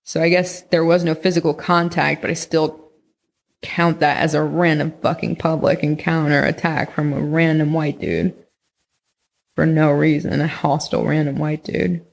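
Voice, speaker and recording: Young woman, creaky voice, rambling casual storyteller full of "like" and swearing. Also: low-pitched, fairly even intonation, moderate pace. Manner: rambling, heavy use of "like", frequent swearing. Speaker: podcast guest recounting experiences.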